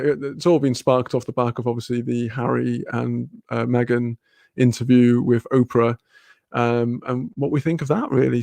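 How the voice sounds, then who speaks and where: A man from Wales with a Welsh accent, hosting a livestream and chatting casually through viewer comments, relaxed, laughing and swearing freely. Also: medium pitch, creaky, no echo, clean studio sound. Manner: laid-back, swears freely, laughs often. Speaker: livestream host.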